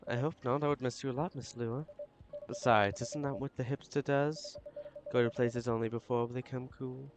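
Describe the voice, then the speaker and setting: A playful man reads a story game aloud, as both the narrator and the barista. His pitch sits in the middle, and a clear layer of background noise runs under his voice. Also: steady tone, moderate pace. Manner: playful, goofs between lines. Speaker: let's-play host. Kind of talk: reading a visual-novel game aloud.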